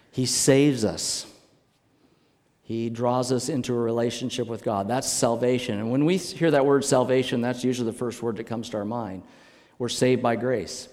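A male pastor preaching a sermon in an earnest way, slowing down to stress key phrases. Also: medium pitch, darkish tone, long reverb tail.

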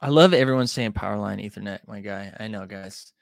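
Gravelly young man streaming live. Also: on the low side, a little fast. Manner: frustrated, restless, talks straight to the chat. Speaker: livestream host. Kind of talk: casual livestream chat.

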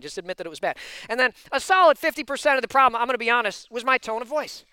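Intense, high-voiced man preaching. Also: racing, clear, resonant tone, no echo. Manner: animated and intense, given to loud outbursts; chatty, full of fillers and asides. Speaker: pastor. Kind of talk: sermon with personal storytelling.

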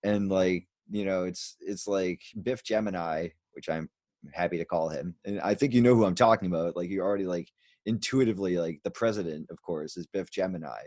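A man with a very deep voice hosts a podcast and chats in a loose, rambling way, often restarting his sentences. The recording is close and dry, with no room sound. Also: fairly quick, darkish tone, dry recording. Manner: rambling, many restarts and fillers. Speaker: podcast host. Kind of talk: casual conversation.

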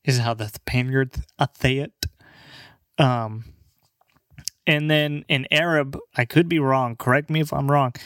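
A young man rambling casually through a word list, halting and stammering, swearing and laughing along the way. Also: medium pitch, fairly bright tone, no room sound, studio quality. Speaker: language video maker.

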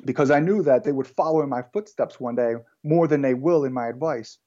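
A man tells his story in a loose, conversational way, full of fillers and restarts. His voice is mellow and warm at a middling pitch. The recording sounds slightly dull and lo-fi. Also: a little fast. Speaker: guest entrepreneur. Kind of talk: casual storytelling interview.

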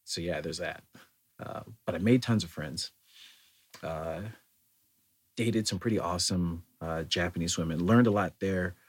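Low, husky-voiced American man musing. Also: unhurried, long pauses. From United States. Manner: thoughtful, meandering, many fillers and restarts. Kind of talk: reflective solo monologue.

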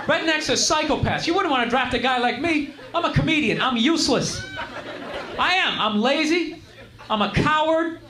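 A man doing a stand-up comedy set, ranting and shouting his punchlines. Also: very high voice, lively intonation, normal speed. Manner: ranting, shouty, puts on voices. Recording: echoey live venue with loud crowd and noise. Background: loud laughing audience.

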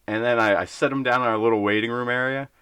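A man's voice: medium pitch, steady tone, fast, bright, forceful tone, smooth, no echo. A young man co-hosting a casual podcast, bluntly ranting about his job and breaking into acted-out voices. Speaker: podcast co-host.

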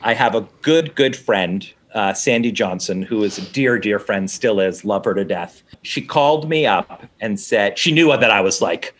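A man's voice: fairly low pitch, moderate pace, hardly any pauses. A middle-aged man on a podcast, telling a long story in casual chat, acting out the other people's lines and cursing freely. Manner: animated, acts out quoted dialogue, swears casually.

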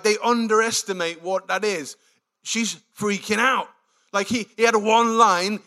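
A man delivers a sermon in a bright, fairly high voice. He takes his time and brings the story to life by acting out the lines of its characters. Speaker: preacher.

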